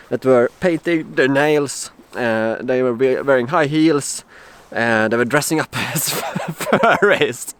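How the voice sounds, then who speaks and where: A young man from Sweden, telling a personal story in a casual vlog, halting with many fillers and restarts. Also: medium pitch. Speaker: vlogger.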